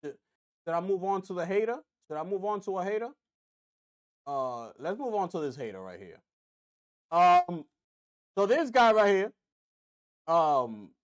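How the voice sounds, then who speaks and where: A man hosting a gaming news livestream, talking casually and straight to viewers, repeating himself for emphasis. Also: high voice. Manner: animated, repetitive, talks straight to viewers.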